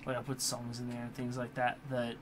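A young man talks in a loose, rambling way, full of fillers, restarts and casual swearing. His voice sits at an ordinary middle pitch. A computer fan hums faintly behind him. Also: monotone, fairly quick. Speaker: YouTuber. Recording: computer fan hum in background.

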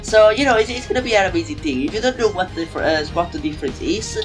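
A man giving rambling, excitable commentary on a game map he is building, a little sick and just woken up. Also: sits high, fast talker, over music. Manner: rambling, excitable, self-deprecating. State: slightly sick, just woke up. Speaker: Minecraft map-making YouTuber. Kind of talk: casual gameplay commentary.

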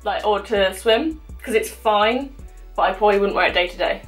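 A woman's voice: mid-range voice, normal speed, faint music behind. A woman in her twenties chatting casually through a makeup tutorial, self-mocking and talking as she applies products at home. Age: 20s. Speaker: beauty vlogger.

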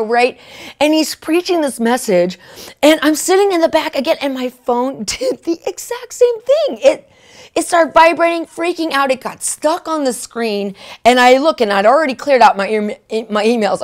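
Animated woman preacher telling a story. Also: sits high. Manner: animated storytelling with frequent "right?" and "okay?"; acts out her own quoted lines. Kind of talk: testimony sermon.

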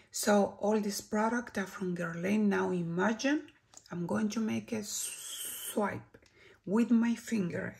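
Chilean woman reviewing makeup, Spanish-accented English, unhurried with a gravelly edge, slips into soft whispers. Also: mid-range voice. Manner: slow, lingering, drops to soft whispers when admiring products. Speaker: beauty vlogger. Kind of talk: product review and tutorial.

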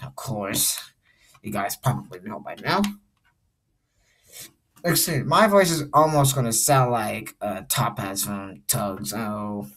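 A man's voice: mid-range voice, slight background noise. Rambling young man vlogging at home. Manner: rambling, hesitant, many restarts. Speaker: channel host. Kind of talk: casual vlog chat.

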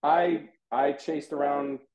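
A man's voice: fairly high pitch, slow pace, creaky, echoey room, lo-fi sound, a crowd in the background. A man from Houston, a guest on an interview show telling a casual story and acting out the dialogue in it, heard over a video call. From Houston, USA. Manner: animated, acts out quoted dialogue. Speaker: interview guest, card collector.

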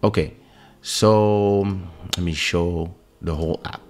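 A man hosting a live stream, explaining his audio setup step by step and speaking softly and loudly on purpose to show the effect, into a broadcast microphone. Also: sits low, slow pace. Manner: explains step by step, talks loud and soft on purpose. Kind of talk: casual tech demonstration. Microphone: dynamic broadcast microphone.

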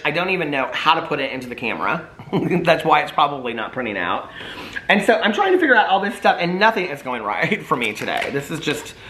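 Male vlogger, casual at home, self-mocking and rambling, animated delivery with a faint hiss behind. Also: fairly high pitch, reverberant. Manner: self-deprecating, laughing often, rambling. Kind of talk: casual chat to camera. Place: at home, room with ring light.

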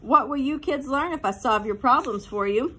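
A woman's voice: high voice, lively intonation, moderate pace, a bit bright, slightly rough, full character voice. A woman voicing a distracted man gym teacher who mumbles offhand answers, in a storybook reading.

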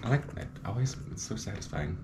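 Very low-voiced playful woman co-host. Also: animated, fairly quick, noisy background. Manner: playful, jokey, lots of laughs and silly asides. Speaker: toy review co-host. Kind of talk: casual unboxing chat.

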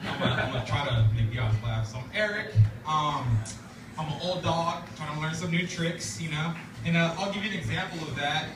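At an open mic in a laundromat café, a man does a stand-up set, talking loosely and profanely with plenty of fillers. His voice is fairly high and a little fast, and the live recording is roomy, distant and noisy, with audience laughter and room chatter.

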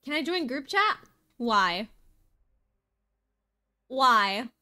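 A woman's voice: high-pitched, very animated, extremely slow, pushed and bright, dry recording, clean studio sound. A woman streamer chatting casually and playfully with friends during a game, giggling and teasing. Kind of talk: casual gaming stream chat.

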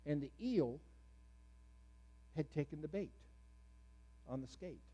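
Animated storytelling pastor, a man. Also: a little high, takes it slowly, dull audio. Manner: storytelling with sudden loud animated bursts. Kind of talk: sermon.

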